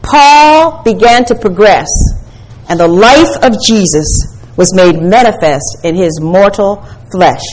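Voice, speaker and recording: An older women's ministry speaker preaches to women with emphasis, quoting scripture and posing questions to her listeners. Her medium-pitched voice is slow, a little mellow and lively in intonation, on a rough recording.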